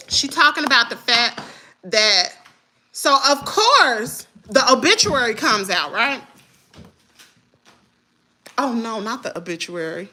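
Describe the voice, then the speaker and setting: A woman's voice: fairly high pitch, unhurried, pauses often. A woman hosting a casual gossip livestream, talking sassily and directly to her viewers. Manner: sassy, animated, talks straight to viewers. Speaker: livestream host.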